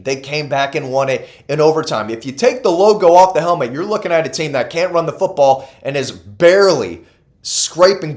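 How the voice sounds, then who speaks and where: Emphatic man breaking down football stats. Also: on the high side. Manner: emphatic, repeats key stats for effect; self-correcting, casual asides. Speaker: college football analyst. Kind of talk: solo sports commentary.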